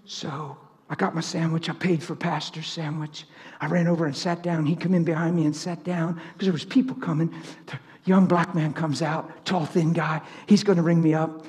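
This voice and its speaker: A man preaching a sermon full of stories, animated, swinging from loud laughter to near whispers. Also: on the high side, moderate pace, few pauses, in a large hall. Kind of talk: sermon with storytelling.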